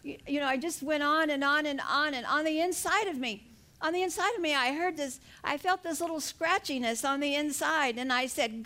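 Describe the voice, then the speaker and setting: An older woman delivers a sermon from scripture in a high, bright voice. She speaks earnestly and builds to fervent emphasis on key words. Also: normal speed. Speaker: pastor.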